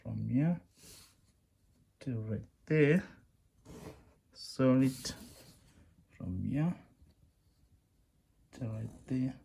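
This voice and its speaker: South African male teacher, step-by-step drawing lesson, keeps checking understanding, warm tone. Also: mid-range voice, a little hiss or hum. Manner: repeats phrases, asks "you understand?" often; emphatic, scolding about common mistakes. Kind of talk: classroom demonstration lesson.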